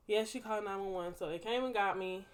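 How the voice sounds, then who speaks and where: A young woman tells a personal story straight to her viewers, chatty and dramatic. She speaks at an everyday pitch, and faint music plays softly behind her voice. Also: quick pace, clear, resonant tone. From Texas. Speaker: vlogger. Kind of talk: casual storytime.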